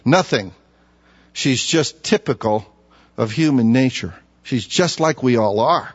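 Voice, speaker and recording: A man's voice: medium pitch, expressive, unhurried, husky. A man preaching an expository sermon, conversational and emphatic, with many rhetorical questions, on a dull recording.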